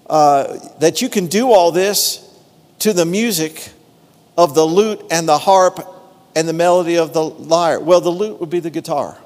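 A man's voice: on the high side, a little mellow. Man preaching in an echoing church. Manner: conversational preaching with call-and-response. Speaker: pastor. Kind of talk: sermon. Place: church sanctuary. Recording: long hall reverb.

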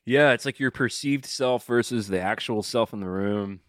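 A man's voice: mid-range voice, normal speed, fairly bright tone, dry recording, clean studio sound. A man hosting a podcast and chatting in a casual, easygoing, reflective way. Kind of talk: casual chat.

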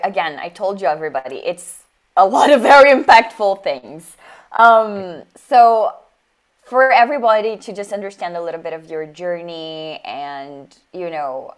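A woman hosting a podcast interview, chatting in a friendly, effusive way and heaping praise on her guest. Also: lowish voice. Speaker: podcast host.

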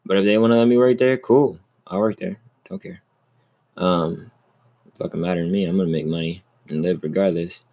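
Young man, very low voice, podcast host, casual rambling, lots of swearing, upbeat. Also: fairly even intonation, brisk, warm tone, highs cut off. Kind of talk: casual solo podcast chat.

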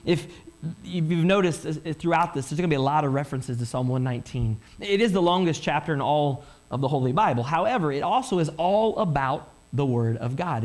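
A pastor delivers a Sunday sermon in a slightly high voice. He's animated, posing rhetorical questions and giving voice to what his listeners might be thinking.

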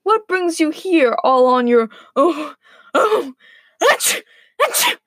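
A woman's voice: high-pitched, expressive, normal speed, fairly bright tone, no room sound, clean studio sound, full character voice. Woman voicing a sheepish talking wolf. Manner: sheepish, pleading.

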